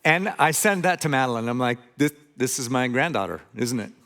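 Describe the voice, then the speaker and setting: A man's voice: medium pitch, animated, fairly quick, sharp tone. An older man from Montana giving a conversational sermon as a guest preacher, reading scripture and adding joking asides.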